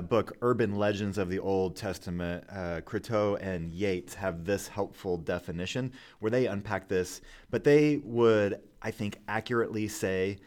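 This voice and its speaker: A man with a low voice, co-hosting a Bible discussion podcast. He explains passages in a measured, unhurried way. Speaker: podcast co-host.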